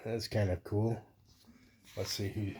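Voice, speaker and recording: Slow, mellow-voiced man leafing through comics. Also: on the low side, little pitch movement, slightly rough. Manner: rambling, easygoing, thinks aloud while flipping through comics. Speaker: host. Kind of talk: casual comic collection show-and-tell.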